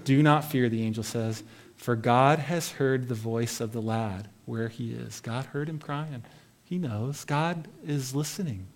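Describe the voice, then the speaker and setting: Male Bible teacher, mid-pitch, casual devotional tone, reads and comments conversationally. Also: unhurried. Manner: conversational, reads scripture then comments with asides.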